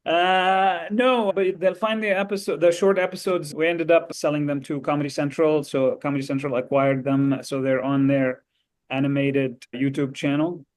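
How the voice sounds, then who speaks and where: Animated, higher-pitched male guest storyteller. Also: moderate pace. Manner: lively, animated storytelling with frequent laughs. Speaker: guest actor. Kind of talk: casual anecdote telling.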